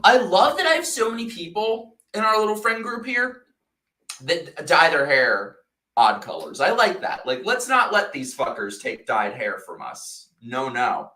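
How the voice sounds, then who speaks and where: Excitable foul-mouthed guy hosting a live chat, bright lively voice, echoey room. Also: on the high side. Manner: loud, crude and excitable, quick laughter. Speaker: podcast host. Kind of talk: casual live-stream chat.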